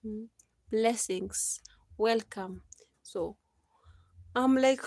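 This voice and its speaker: Chatty Kenyan woman live-streaming, slightly high voice. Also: measured pace, no room sound, clean studio sound. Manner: chatty, laughs often, preachy asides. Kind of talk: casual live-stream chat.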